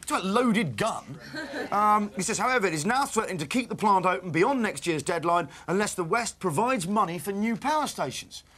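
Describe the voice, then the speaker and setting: A man's voice: high-pitched, animated, a little fast, few pauses, bright, forceful tone. A British man presenting live breakfast television, reading newspaper puns with playful, mock-indignant banter. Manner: playful, mock-indignant, jumps between bits. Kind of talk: jokey live studio banter.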